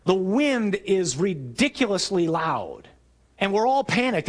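A man preaching a sermon, telling stories vividly and acting out shouted lines. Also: high-pitched, unhurried. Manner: animated storytelling, acting out shouts.

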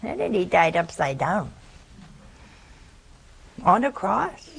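A woman preaches slowly and tells her story in a folksy way, with asides to her viewers. Her voice is gravelly and husky. She takes her time. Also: fairly low pitch, sing-song, low-quality recording. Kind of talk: sermon.

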